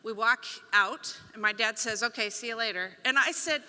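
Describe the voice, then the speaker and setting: A middle-aged woman tells a story from a stage and acts out the voices of the people in it. Her voice is very bright and a little high. Long reverb from a large hall hangs around every word. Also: brisk, hardly any pauses. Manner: animated, acts out quoted voices. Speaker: conference speaker; speech pathologist. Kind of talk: storytelling keynote talk.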